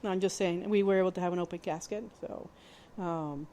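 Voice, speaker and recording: A woman hosting a podcast, telling a personal story in a candid, plainspoken way, with halting restarts and fillers. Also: on the low side, fairly even intonation, warm tone. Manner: candid and plainspoken, with mild swearing. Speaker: podcast host.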